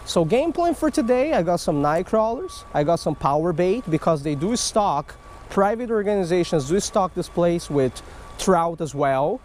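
Excitable man fishing a creek. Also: sits high, slight background noise. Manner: excitable, swings from hushed to yelling. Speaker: fishing vlogger. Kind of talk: casual outdoor fishing vlog. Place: outdoors by a creek.

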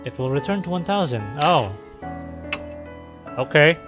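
A man's voice: on the high side, lively intonation, measured pace, music in the background. A man casually playing a visual novel, reading its text aloud and chatting loosely with lots of fillers. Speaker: let's player.

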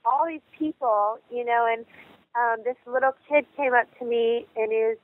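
Chatty high-voiced woman on a phone line. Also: normal speed. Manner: chatty, animated, full of fillers and quoted dialogue. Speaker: interview guest, singer. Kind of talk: casual storytelling in an interview.

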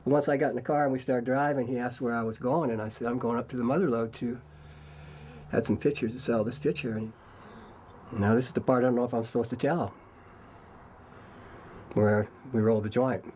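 A man telling a story in an interview, relaxed and rambling, laughing at his own tale. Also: mid-range voice, brisk, long pauses, a little hiss or hum, low-quality recording.

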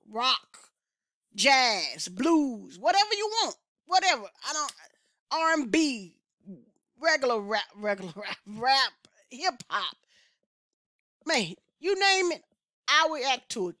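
Woman vlog host, emphatic and excitable, a bright, forceful tone, dry close sound. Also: on the high side, dry recording. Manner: excitable, emphatic, loud exclamations and frequent laughs. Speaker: music reaction channel host. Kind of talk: casual reaction vlog chat.

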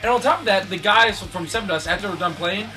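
A man's voice: sits high, fast talker. A man, a band's singer, telling rowdy, profane stories in a casual interview. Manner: rowdy, profane, laughing storyteller. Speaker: band vocalist. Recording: loud music playing behind.

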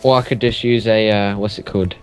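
A man's voice: lowish voice, fairly even intonation, brisk, faint music behind. A young man new to the game, asking hesitant questions and groaning about dying. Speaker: game player. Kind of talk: casual gaming chat.

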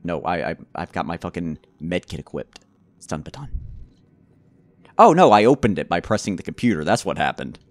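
A man giving let's play commentary on a horror game, rambling to himself with stammered restarts and sudden loud excited outbursts. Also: low-pitched, moderate pace, no room sound. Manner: rambling nervous self-talk, repeated stammered restarts. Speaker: gamer playing a horror game.

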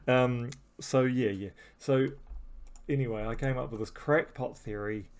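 A man's voice: medium pitch, steady tone, a little slow. A man giving rambling, self-mocking commentary over his gameplay, with many restarts and fillers. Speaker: game channel host.

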